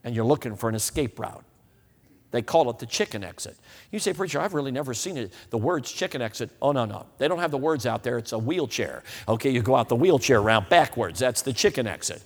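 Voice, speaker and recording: A man's voice: medium pitch, fairly quick. Folksy preacher guy telling funny stories, mid voice, long hall reverb. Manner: folksy, animated, asks the audience. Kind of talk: sermon with humorous storytelling. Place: church hall.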